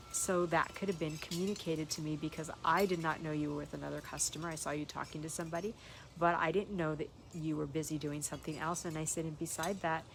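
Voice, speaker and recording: A woman's voice: deep voice, slight background noise. Earnest older woman telling a story. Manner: candid, earnest, reflective. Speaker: spiritual teacher. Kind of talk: personal storytelling and reflection.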